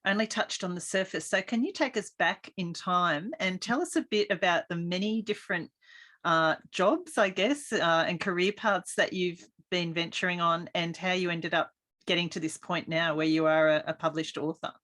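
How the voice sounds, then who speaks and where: A woman's voice: fairly low pitch, normal speed, a bit bright. A woman hosting a podcast in a casual, chatty, effusive interview style from a small studio. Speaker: podcast host.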